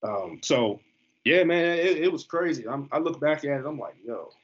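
A man in his thirties from the US East Coast, a football player telling his story as a guest on an interview show. He talks in an animated, slangy way. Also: on the high side, moderate pace. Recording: slightly muffled lo-fi recording.

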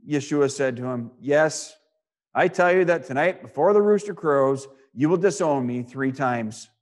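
A male preacher giving a sermon, reading scripture aloud and expounding it with rhetorical questions and repeated phrases, swinging between loud and hushed delivery. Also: mid-range voice, expressive, a little slow.

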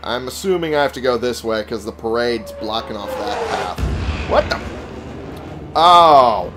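Music plays in the background as a young Texan man speaks at normal speed in an expressive, medium-pitched voice. This let's play streamer offers casual gameplay commentary marked by profanity, sarcasm, and frequent fillers.

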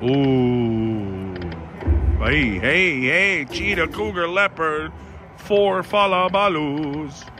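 A man's voice: a little high, animated, extremely slow, background noise. A man giving casual live commentary while gambling at a casino slot machine, talking to his viewers in a dramatic, theatrical way.

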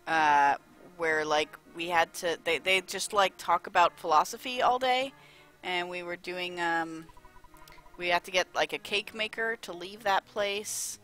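A woman playing through a game on stream, chatting loosely and wandering off on tangents full of ums and likes. Her voice sits fairly low and has a bright, forceful edge. Faint game music plays behind her close desk mic. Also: measured pace. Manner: chatty, rambling, with lots of fillers. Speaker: let's play streamer. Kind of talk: casual gameplay commentary.

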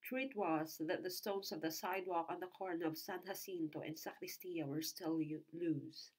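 A woman's voice: on the low side, normal speed, darkish tone, rough recording. Woman reading a classic novel. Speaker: audiobook reader.

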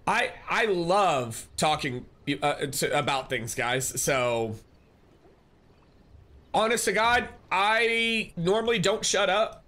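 Slow and forceful, this streamer's high, bright voice has lively intonation. He chats and rambles on his live stream, reading the chat out loud, answering viewers, thanking them, and frequently starting over.

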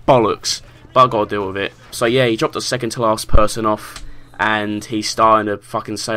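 Sweary young South London man, bright voice. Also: fairly low pitch, brisk, clean tone. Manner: animated, sweary, slangy. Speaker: vlogger. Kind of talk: casual storytelling.

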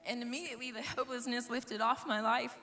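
A woman worship leader, hoarse and losing her voice, telling an earnest personal testimony to a live audience. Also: a little high, steady tone, fast talker, slight background noise. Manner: earnest, storytelling, talks to the crowd. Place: large conference hall. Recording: live hall reverb with soft music.

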